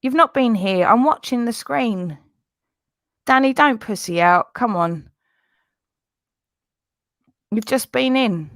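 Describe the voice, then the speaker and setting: Woman, stream host, gravelly, insistent and exasperated. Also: on the high side, slow pace, pauses often, a bit bright, no room sound, clean studio sound. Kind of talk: heated live stream confrontation.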